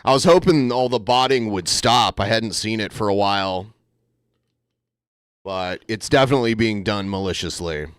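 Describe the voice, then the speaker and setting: A man's voice: on the low side, normal speed, clean tone, no room sound, studio quality. A man hosting a livestream, cracking jokes at his co-host and thanking viewers. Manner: wisecracking, teasing co-host. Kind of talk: casual livestream chat.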